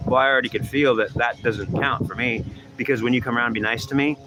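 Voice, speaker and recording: A man's voice: medium pitch, steady tone, fast talker. A man in a heated, repetitive monologue, ranting about feelings and honesty. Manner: ranting, repetitive, acts out both sides of an argument. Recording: clear vehicle noise behind.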